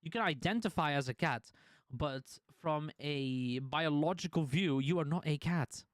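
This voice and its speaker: Chatty, high-voiced male streamer. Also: a little slow, no echo, studio quality. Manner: chatty storyteller, swears freely, laughs often. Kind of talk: casual chat to stream viewers.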